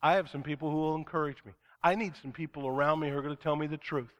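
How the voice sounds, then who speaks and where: A pastor preaching a sermon in an earnest, emphatic way, slowing down to stress key words. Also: male voice, a little high, fairly even intonation, highs cut off.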